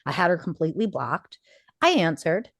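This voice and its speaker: A woman's voice: fairly low pitch, big pitch swings, moderate pace, a bit bright, slightly rough, no echo, studio quality. A woman in her forties co-hosting a podcast, telling a personal story with feeling and acting out quoted dialogue. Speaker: podcast co-host. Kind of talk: casual podcast conversation.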